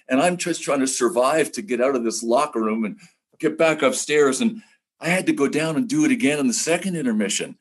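An older man, a retired broadcaster, telling animated stories as a podcast guest and acting out other people's lines. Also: medium pitch, fairly quick, breathy edge. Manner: animated, acts out quoted voices. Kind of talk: casual podcast storytelling.

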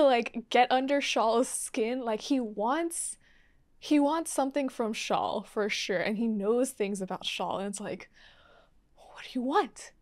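A woman hosting live anime reaction commentary, exclaiming, gasping and laughing as she gets emotionally invested. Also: on the high side.

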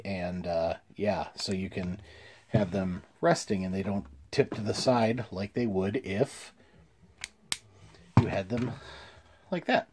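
A man's voice: low voice, slow pace, long pauses, a little mellow, slight background noise. A man casually reviewing toys, easygoing with many fillers and small chuckles, a little congested. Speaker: toy reviewer.

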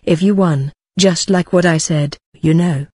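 A woman's voice: fairly low pitch, steady tone, unhurried, darkish tone, breathy edge, dry recording, clean studio sound. A woman voicing a scornful young woman who taunts and needles in a story reading.

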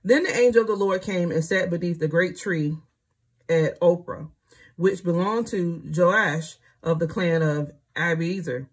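Husky woman reading scripture casually. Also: lowish voice, measured pace. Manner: chatty, conversational asides and fillers. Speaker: Bible reading host. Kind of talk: casual Bible reading with commentary.

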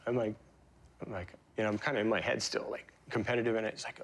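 A man in his forties, a guest in an interview, telling personal stories in a halting, emotional way with many fillers and restarts. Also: on the low side, fairly even intonation, vocal fry. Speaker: interview guest, pro surfer. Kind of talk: reflective interview storytelling.

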